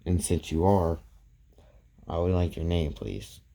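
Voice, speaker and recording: Calm teen boy hero, gentle matter-of-fact, low dark voice, read by a man. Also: a little slow, vocal fry, heavily acted.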